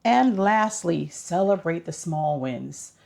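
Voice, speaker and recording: A woman's voice: on the low side, expressive, takes it slowly, gravelly, darkish tone. A woman vlogger giving casual tips in an upbeat, chatty, instructive way.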